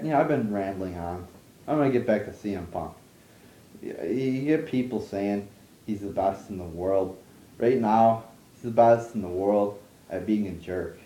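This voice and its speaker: A young man with a low-leaning, mellow voice delivers a blunt, profane, rambling rant about wrestling, packed with fillers. He's a wrestling commentator ranting casually online, recorded in an echoey room.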